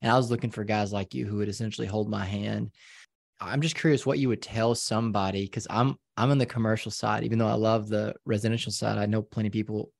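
A slangy, joking man co-hosts a podcast in a low, gravelly voice. His banter sounds fired-up and casual. The recording is dead dry and close. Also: steady tone, quick pace, no echo. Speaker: podcast co-host.

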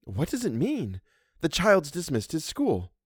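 Man doing young governess woman, anxious, earnest, measured, lively pitch, dry sound. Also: husky, no room sound, heavily acted. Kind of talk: audiobook reading of a classic story.

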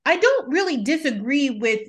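Brief: woman podcast host, candid and profane, with a high, bright voice. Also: very animated, moderate pace. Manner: candid, profane, with many restarts. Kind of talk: casual chat.

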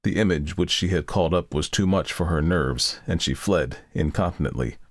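A man narrating a storybook in a steady, measured reading. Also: deep voice, no room sound, clean studio sound. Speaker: audiobook narrator. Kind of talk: scripted narration.

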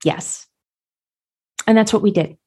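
A woman telling a personal story in a reflective, conversational way, pausing often with fillers. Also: medium pitch, a little mellow, breathy edge.

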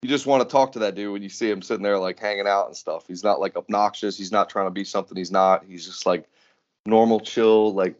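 A man's voice: fairly low pitch, fast, muffled recording. Laid-back, laughing podcast co-host man. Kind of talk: casual chat.

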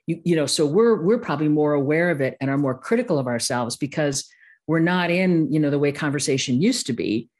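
A woman with a Midwestern accent chats as a guest expert on course creation, self-deprecating and laughing frequently through a casual interview. Her voice sits low with a darkish tone, animated and fairly quick.

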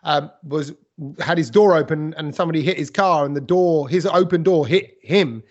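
A man's voice: fairly high pitch, moderate pace, highs cut off. A man with a British accent hosting a podcast in casual chat, teasing and playful with his co-hosts. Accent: British English. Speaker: podcast host.

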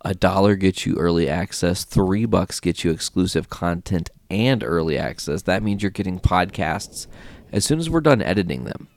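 A man with a fairly low voice chats on a podcast, animated and quick to joke, swearing without a second thought. The sound is close and dry, with no room behind it. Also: creaky, no echo. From small town in Indiana. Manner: animated, joking, swears freely. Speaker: podcast co-host. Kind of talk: casual podcast chat.

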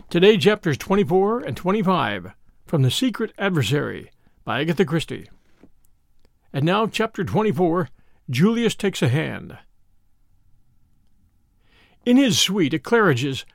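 A man hosting and reading an audiobook in a measured, expressive storytelling manner. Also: on the high side, creaky, no room sound, studio quality. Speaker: audiobook host and reader. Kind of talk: audiobook narration.

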